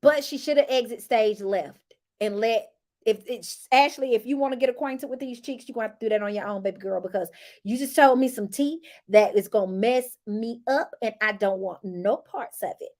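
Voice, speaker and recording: A woman hosting a casual reality TV recap vlog, sassy and animated, talking straight to her viewers and calling them honey. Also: fairly high pitch, normal speed.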